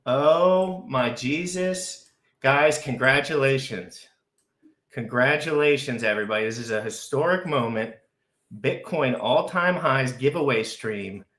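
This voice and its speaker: A man's voice: medium pitch, measured pace, reverberant. Frantic, overexcited man streaming live. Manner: frantic, shouting with excitement, repeating phrases. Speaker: crypto livestream host. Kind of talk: excitable live stream chat.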